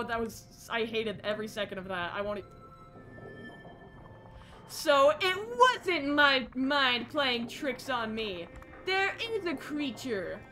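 A young woman streamer reacting to horror games live, shrieking when scared and reading the story dialogue softly. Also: a little high. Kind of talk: live horror game commentary.

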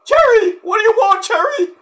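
A man voicing a squeaky, childish man who giggles and whines, in a comic impression sketch. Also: animated, normal speed, fairly bright tone. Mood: squealing. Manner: high squealing, giggly, whiny.

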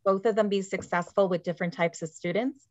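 A woman's voice: medium pitch, fairly even intonation, fairly quick, no echo. A woman teacher giving a webinar presentation over a video call, explaining points and checking in with "right?". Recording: dry, dull lo-fi call audio.

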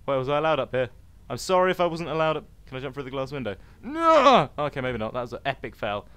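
A man giving silly, excitable commentary while playing a video game. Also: medium pitch, very fast, dry recording. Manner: silly, excitable, yelps and exclaims. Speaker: gaming video host. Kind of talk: let's play commentary.

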